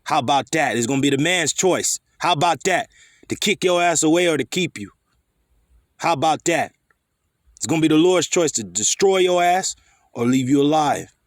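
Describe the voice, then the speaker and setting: A man's voice: a little high, lively intonation, normal speed, no echo, clean studio sound. A man teaching scripture in a fiery, scolding way, swearing freely and firing rhetorical questions. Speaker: preacher.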